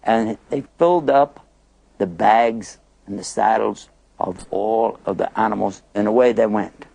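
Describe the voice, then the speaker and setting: A man's voice: on the low side, unhurried, gravelly, a little mellow, slightly rough. A man narrating a prophet story in a chatty, playful, dramatic way. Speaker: Islamic storyteller.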